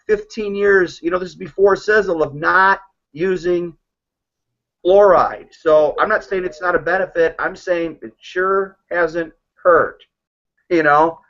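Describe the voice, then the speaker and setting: Man, slightly high voice, joking storyteller, casual group-call chat, muffled lo-fi audio. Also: a bit bright. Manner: joking storyteller acting out quotes.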